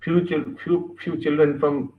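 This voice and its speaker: A man with an Indian English accent teaching a scripture class, animated and stressing words as he gives examples. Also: fairly high pitch, a little slow, roomy sound, narrow, tinny audio.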